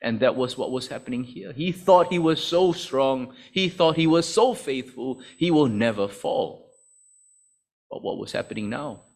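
A man's voice: medium pitch, animated, normal speed, creaky, darkish tone. A man preaching a sermon in a conversational, explanatory way with many asides.

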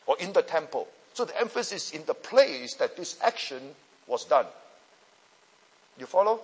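A man's voice: a little high, husky. A man, a pastor and Bible teacher, answering student questions in a teaching session and often checking that listeners follow. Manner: explanatory, asks checking questions. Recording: long hall reverb.

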